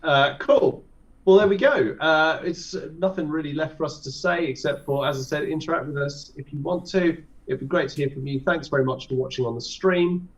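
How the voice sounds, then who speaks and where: A man's voice: on the high side, moderate pace. A man hosting a casual podcast chat, swearing freely as he wraps up the show. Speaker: podcast host. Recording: distant, dull mic sound.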